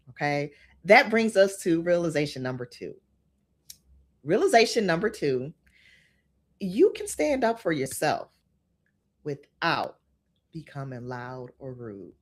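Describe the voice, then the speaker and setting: Podcast host, woman, middle-aged, lowish voice that rises and falls widely, earnest and coaching. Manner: earnest, repeats "okay?" to the listener. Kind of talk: motivational talk.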